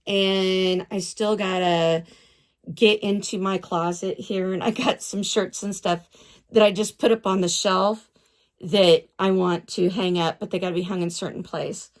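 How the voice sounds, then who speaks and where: A woman with a mid-range voice chats casually in a vlog about her doll collection. She gushes, repeats herself, and stumbles over names.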